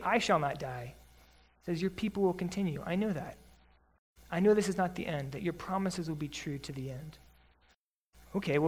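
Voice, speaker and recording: A man delivers an expository sermon. He reads scripture at a slow, measured pace, then shifts into conversational explanation. His emphasis rises earnestly on key points. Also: high-pitched. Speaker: Bible teacher.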